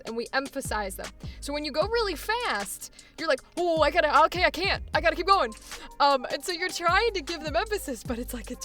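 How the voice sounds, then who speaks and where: A woman voice acting coach explaining technique in an animated way, laughing often. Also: high-pitched. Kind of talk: coaching session.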